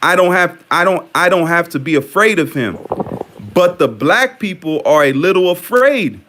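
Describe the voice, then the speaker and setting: A man talks through scripture in a fairly high voice, reading passages aloud. He repeats his questions and tacks "man" onto his phrases. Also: animated, normal speed, a bit bright, a little hiss or hum. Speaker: religious commentator.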